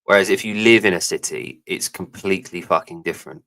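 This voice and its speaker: A man's voice: low-pitched, fairly quick, sharp tone. A man co-hosting a live podcast, rambling, jokey and swearing freely in casual chat. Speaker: podcast co-host.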